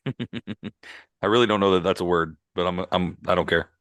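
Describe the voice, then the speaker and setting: Upbeat man, bright tense voice. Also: deep voice, dry recording. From Southern Indiana. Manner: upbeat, joking, quick to laugh. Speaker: podcast co-host. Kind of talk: casual podcast chat.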